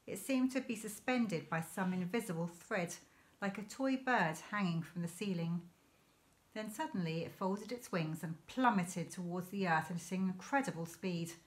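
A woman teacher reading a children's novel aloud in a clear, measured storytelling manner. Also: on the low side. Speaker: primary school teacher.

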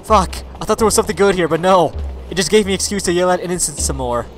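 A man giving let's play commentary. He is excitable, swears a lot and yells at his game companion. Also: sits high, fast, soft background music. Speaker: gaming video creator.

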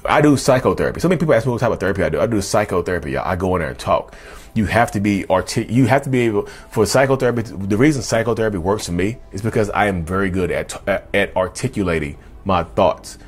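A man's voice: fairly low pitch, expressive, quick pace, breathy edge. A man in his thirties telling his own life story to camera in a candid, confessional way, often calling his viewers y'all. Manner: candid, addresses viewers as y'all, frequent restarts.

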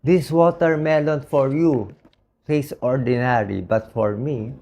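A Filipino doctor with a hoarse, weakened voice, talking slowly and earnestly in short, halting phrases in a personal video monologue. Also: male voice, mid-range voice, steady tone, darkish tone. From Philippines.

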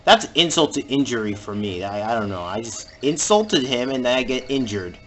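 A man giving jokey let's-play commentary over a video game and reacting with sudden loud exclamations. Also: mid-range voice, sing-song, normal speed, soft background music. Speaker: gamer playing through a video game.

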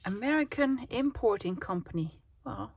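This craft vlogger's voice is highish yet darkish in tone, animated, at normal speed. She laughs often while casually chatting to viewers and herself over a collage, and the clear recording carries background noise and clicks.

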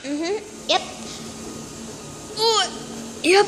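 A woman's voice: high-pitched, lively intonation, unhurried. A playful young woman chatting to viewers in a casual vlog at a gym. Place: community gym. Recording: echoey gym, loud background noise.

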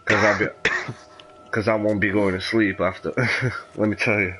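A man commentating while playing a horror game, cursing freely and reacting loudly. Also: on the low side, normal speed, background noise. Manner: profane, animated, reacts loudly. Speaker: gameplay commentator. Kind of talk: let's play commentary.

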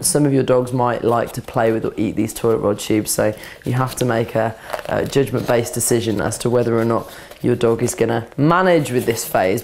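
A woman dog trainer, calmly explaining a scent game step by step while softly praising and cueing a dog. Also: very deep voice, slight background noise. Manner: calm, practical explaining, breaking into soft praise and commands to a dog. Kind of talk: instructional demonstration. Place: indoors, training session with a dog.

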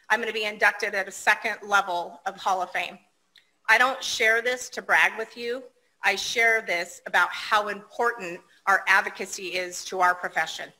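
Bright-voiced woman giving a video-call speech. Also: medium pitch, low-quality recording. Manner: personable, lightly self-deprecating. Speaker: outgoing association president.

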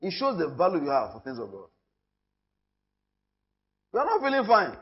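A man with a Nigerian accent preaching a sermon in church. He talks with emphasis, repeats his phrases and swings from loud to hushed. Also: fairly high pitch, wildly swooping pitch, normal speed, muffled recording. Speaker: pastor.

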